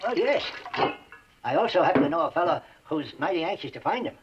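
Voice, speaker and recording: A man's voice: a little high, very animated, fast, heavy background noise. An actor playing a chatty, giggly backwoods man with rustic grammar, in a 1960s TV western. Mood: folksy. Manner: rustic grammar, chuckles, stammers. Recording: muffled old TV soundtrack.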